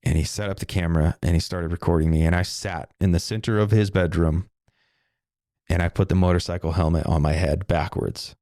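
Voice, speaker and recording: A middle-aged man with a deep, low voice talks alone into the mic, wandering from thought to thought. He swears freely and keeps it loose and casual. The sound is close and dry, with no room around it. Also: fairly even intonation, brisk, warm tone, dry recording. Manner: casual, profane, digressive. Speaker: podcast host. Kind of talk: rambling solo monologue.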